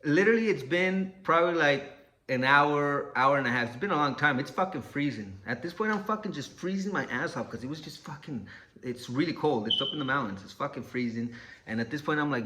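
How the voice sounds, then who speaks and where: A man's voice: medium pitch, lively intonation, fairly quick, sharp tone. A man telling a personal story casually, cursing often and acting out what people said. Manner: profane, laid-back, acts out quotes.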